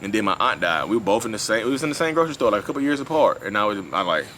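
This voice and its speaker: A man's voice: on the low side, animated, racing, pushed and bright. A man filming a casual vlog at a beach, talking through his feelings in a rambling, repetitive way and often asking "you know what I mean". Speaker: vlogger discussing his own narcissism. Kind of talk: casual unscripted monologue. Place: outdoors at a beach. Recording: outdoor ambience with passing traffic.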